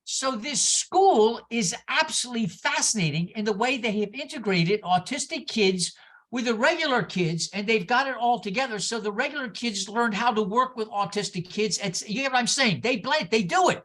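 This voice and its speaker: A woman minister giving a sermon, telling stories in an animated way with exclamations and asides to the congregation. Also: a little high, moderate pace. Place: church service.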